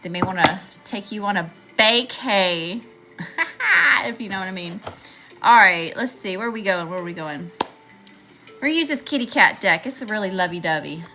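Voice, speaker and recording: A woman's voice: mid-range voice, lively intonation, normal speed, noisy background. A woman with a Southern US accent giving a chatty, slangy live tarot reading to viewers, calling them y'all. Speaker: tarot reader.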